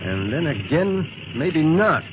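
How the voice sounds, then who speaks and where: An actor playing a calm, seasoned secret police agent in a 1930s radio serial, steady and giving orders. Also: male voice, on the high side, slow pace, dull audio. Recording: scratchy noisy 1930s radio recording.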